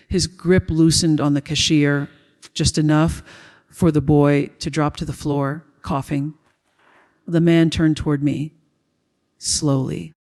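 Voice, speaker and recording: A man reading a first-person dramatic story as a storyteller, in a steady, even way. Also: on the high side. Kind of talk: scripted first-person narration.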